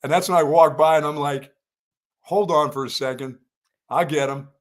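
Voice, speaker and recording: Animated older man telling a story. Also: fairly high pitch, moderate pace. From North Carolina. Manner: animated storyteller, raises voice for quoted lines. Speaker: sports show co-host. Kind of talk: casual storytelling chat.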